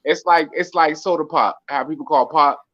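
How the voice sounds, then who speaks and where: A man's voice: a little high, fairly even intonation, normal speed, a bit bright, no room sound. Laid-back man on a dull call line. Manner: laid-back, laughs often. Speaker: livestream guest.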